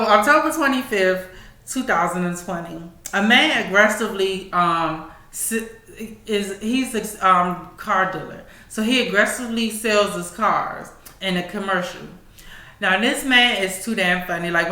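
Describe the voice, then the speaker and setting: Bright-voiced chatty woman from D.C. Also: medium pitch, roomy sound. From Washington, D.C. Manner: profane, chatty, laughing. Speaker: podcast host. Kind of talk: casual commentary.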